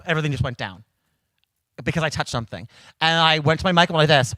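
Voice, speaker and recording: A man, a karaoke host and cabaret producer, chatting casually and telling animated stories that he acts out in little voices. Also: a little high, fast, no echo. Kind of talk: casual storytelling chat.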